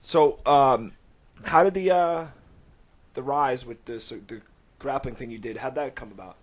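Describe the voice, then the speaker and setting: A male co-host who chimes in with laid-back teasing at a mid pitch. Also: measured pace. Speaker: podcast host. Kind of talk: casual chat.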